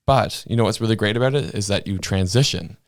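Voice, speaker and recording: A man with a very low voice talks through ideas in relaxed, easygoing podcast chat and laughs often. The sound is close and dry, with no room around it. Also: fast talker, no room sound. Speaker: podcast co-host. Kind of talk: casual political chat.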